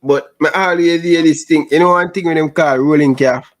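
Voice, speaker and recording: A man's voice: fairly high pitch, steady tone, moderate pace, no echo. Laughing Jamaican man hosting a stream. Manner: laughing, teasing patois banter. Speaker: show host. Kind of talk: casual live-stream chat.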